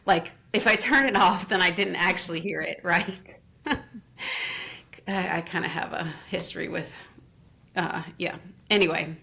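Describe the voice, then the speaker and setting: A woman guest in an interview, telling a long personal story in a casual, animated way with frequent laughs. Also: lowish voice, unhurried, creaky, long pauses. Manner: animated, laughs often, acts out what others said. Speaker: interview guest, Reiki teacher.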